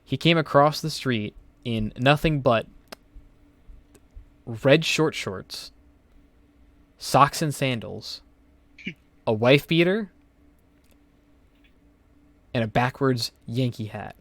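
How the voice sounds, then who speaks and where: A young man hosts a casual podcast. His voice sits at an ordinary middle pitch, and the sound is dry and close. He tells rambling stories full of fillers and swearing. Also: slow pace, pauses often, a bit bright, no echo. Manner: rambling, profane storytelling with many fillers. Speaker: podcast host.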